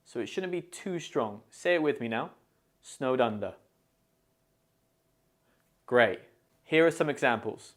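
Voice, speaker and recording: A man with a British accent presenting a scripted English idiom lesson, explaining each phrase clearly and modelling its pronunciation. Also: medium pitch. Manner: clear, deliberate, pronunciation-focused teaching. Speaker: English teacher.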